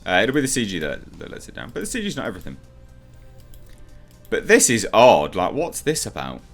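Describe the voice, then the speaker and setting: A man's voice: fairly low pitch, wildly swooping pitch, a little fast, a bit bright, soft background music. Rambling, opinionated male trailer reviewer. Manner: rambling, opinionated, thinks aloud with frequent ums. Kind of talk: casual reaction commentary.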